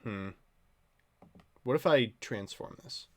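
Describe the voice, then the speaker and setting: A man streaming from home, telling a story in casual chat, animated and swearing freely. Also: mid-range voice, slow.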